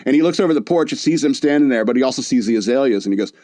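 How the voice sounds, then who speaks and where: A man's voice: medium pitch, expressive, rapid-fire, dark tone, no room sound. A man hosting a podcast, chatting loosely about a movie with lots of fillers and restarts. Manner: rambling, loose delivery with many fillers and restarts. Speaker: podcast host. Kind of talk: casual movie review chat.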